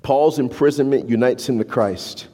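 A man preaching a sermon as a pastor, conversational and animated, tagging his points with "right?". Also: medium pitch, moderate pace, breathy edge. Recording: long reverb of a large hall.

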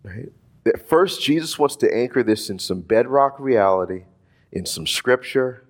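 A man's voice: medium pitch, unhurried. Guy preaching super casual, voice all over the place, keeps saying like and right. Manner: animated, conversational, lots of "like" and "right?". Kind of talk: casual sermon.

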